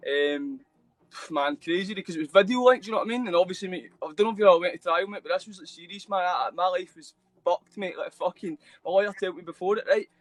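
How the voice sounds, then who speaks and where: A man's voice: high-pitched, quick pace, no room sound. A Scottish man telling his story as a guest on a live show, rambling and swearing, with constant fillers. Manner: rambling, heavy swearing, constant "mate" and "know what I mean".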